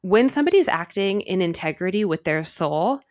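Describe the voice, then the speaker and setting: A woman co-hosting a casual spiritual podcast, animated and swearing now and then, a little out of breath. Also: fairly low pitch, moderate pace, no room sound, clean studio sound. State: slightly out of breath. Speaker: podcast co-host.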